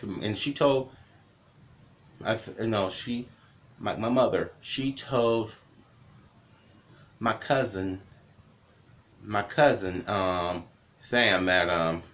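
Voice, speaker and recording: A man's voice: on the low side, slow, pauses often, a bit bright. A man in his thirties casually telling childhood stories in a rambling, repetitive way with many restarts. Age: 30s. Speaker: vlogger. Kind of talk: casual storytelling.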